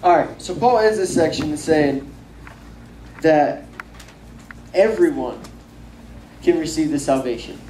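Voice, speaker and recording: A man's voice: fairly high pitch, expressive, slow pace, pauses often, dark tone, slight background noise. A young man teaching a casual bible lesson, talking loosely with many fillers and acting out quoted lines. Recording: echoey room from far off, faint ambience.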